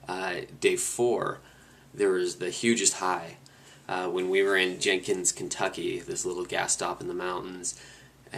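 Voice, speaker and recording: Gravelly low-voiced man recapping a ride. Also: a little hiss or hum. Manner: rambling, restarts often, relaxed storytelling. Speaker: motorcycle rider on a cross-country trip. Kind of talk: casual spoken recap.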